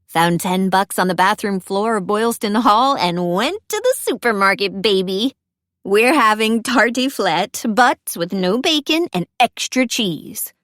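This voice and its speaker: A woman's voice: mid-range voice, expressive, measured pace, fairly bright tone, no room sound, clean studio sound. A woman voicing a playful, chaotic young woman roommate in an audiobook, teasing and bubbly. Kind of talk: audiobook character voice.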